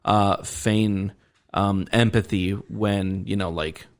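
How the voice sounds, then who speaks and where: A man co-hosting a podcast, teasing his friend and asking slow, probing questions in casual chat. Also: on the low side, fairly even intonation. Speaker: podcast co-host.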